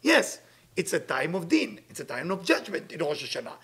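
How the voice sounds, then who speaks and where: A middle-aged man giving an inspirational weekly sermon as a spiritual teacher, emphatic and animated, swinging between loud bursts and soft asides. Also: a little high, moderate pace, breathy edge.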